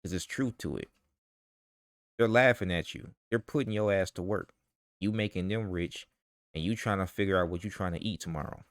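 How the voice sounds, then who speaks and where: Deep-voiced man ranting, heated and profane. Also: normal speed, no echo, clean studio sound. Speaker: vlogger. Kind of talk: ranting commentary.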